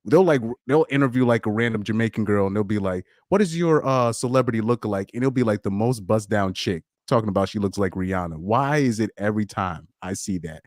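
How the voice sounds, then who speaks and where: A man hosting a casual live stream chat, talking in an animated, rambling way, with frequent laughs and repeated words. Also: lowish voice, fast talker, hardly any pauses, dry recording, studio quality. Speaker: podcast host.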